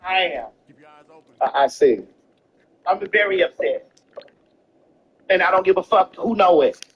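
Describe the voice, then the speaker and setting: Husky high-voiced man, emphatic. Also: animated, measured pace, dull audio. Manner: emphatic and profane, with hesitant ums.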